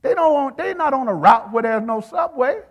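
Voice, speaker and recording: A man's voice: very high-pitched, animated, normal speed, in a large hall. A male preacher delivering a sermon in a rhythmic, repeating style. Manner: rhythmic, repeats phrases, calls to the congregation.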